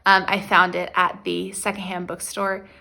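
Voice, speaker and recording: A young woman vlogger chatting casually about her reading, rambling and excitable, with many fillers. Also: lowish voice, normal speed, gravelly. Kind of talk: casual chat to camera.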